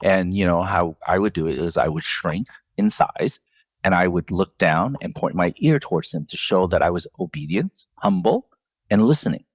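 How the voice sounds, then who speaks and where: A man's voice: sits low, moderate pace, slightly rough, dry recording. A man who leads a professional association answers interview questions in a conversational, storytelling way and laughs often. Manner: storytelling, animated when quoting others, laughs often. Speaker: CEO of a professional association, guest.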